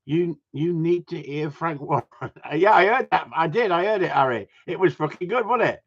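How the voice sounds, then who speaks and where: A man's voice: a little high, animated, moderate pace. Chatty, sweary man. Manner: swears a lot, laughs often, chatty. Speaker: live stream host. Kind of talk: casual chat with viewers. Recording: dull lo-fi sound.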